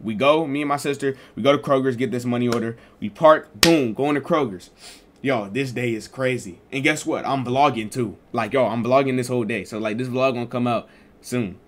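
A man's voice: medium pitch, fairly quick, slight background noise. A young man casually telling a storytime vlog in loose, slangy talk with lots of fillers. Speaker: streamer and vlogger.

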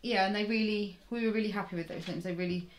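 A woman's voice: medium pitch, fairly even intonation, quick pace, roomy sound, slight background noise. A woman chatting casually in a family vlog, often ending with tag questions that invite agreement. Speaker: vlogger parent. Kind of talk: casual chat.

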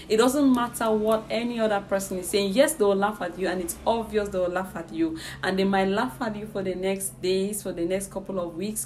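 A woman preacher speaks at an average pitch, giving a prophetic word straight to her viewers. She repeats her key lines with fervent, heartfelt emotion. Faint noise sits behind her voice. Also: a little mellow.

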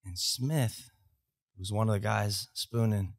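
This lowish, creaky voice belongs to an American man in his thirties who takes it slowly while telling profane army stories as a veteran podcast guest. His casual anecdotes are animated, and the podcast studio mic delivers studio quality without room sound.

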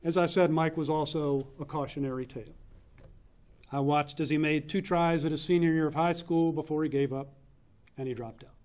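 A man in his fifties gives a eulogy for his older brother in a funeral home chapel, telling family stories in an earnest, unhurried way with pauses for effect. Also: a little high, fairly even intonation, a little mellow. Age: 50s. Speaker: eulogist, younger brother of the deceased. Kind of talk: memorial eulogy, personal storytelling.

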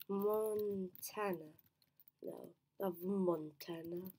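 A woman's voice: medium pitch, fairly even intonation, slow, mellow. A woman thinking aloud as she plays a timed quiz, muttering to herself, trailing off, restarting answers and slipping into whispers. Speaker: quiz player.

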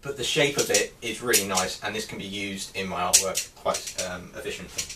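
A man's voice: fairly low pitch, normal speed. A man giving a casual show-and-tell of his helmet collection, talking hesitantly with many ums and restarts. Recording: distant mic with faint background noise.

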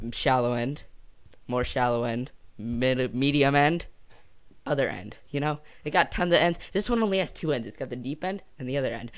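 A young man telling a casual storytime for his channel, rambling and jokey, often trailing off and circling back. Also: medium pitch. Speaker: YouTuber.

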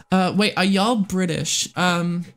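A woman from the United States is streaming a game live, chattering to her viewers and swearing freely. Her speaking voice sits a little low, sinking into grumbles under her breath before leaping into high squeals and shrieks when something startles her. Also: takes it slowly. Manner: excitable, swings between muttering and squealing shrieks, swears a lot. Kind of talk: live gameplay commentary.

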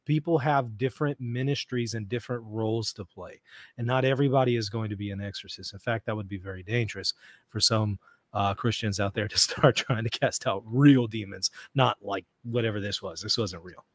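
A man hosting a casual chat, animated and laughing often. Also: lowish voice, fairly quick, dry recording. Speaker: host.

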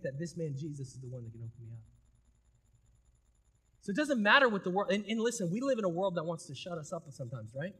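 A man preaching a sermon as pastor. He talks in a casual, conversational way, swinging between loud, emphatic bursts and quiet intensity. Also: high voice, very animated, fast talker, husky.

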